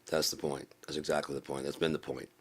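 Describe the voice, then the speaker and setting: A man giving a profane political rant in a video blog, repeating himself and rising into preachy shouting. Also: extremely low pitch, little pitch movement, fast talker, husky. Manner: swearing, repetitive, builds to preachy shouting. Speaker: video blogger.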